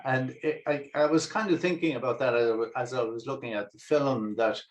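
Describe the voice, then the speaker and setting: A man from Ireland taking part in an online discussion, speaking thoughtfully with some pauses. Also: medium pitch. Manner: thoughtful, reflective. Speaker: participant.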